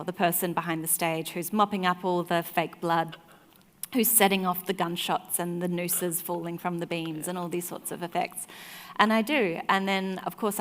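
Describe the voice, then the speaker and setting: Woman telling a story in a reverberant hall. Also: fairly low pitch. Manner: animated anecdotes, laughs often, soft asides. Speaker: author and festival guest. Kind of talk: storytelling in a live conversation. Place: festival stage in a large hall.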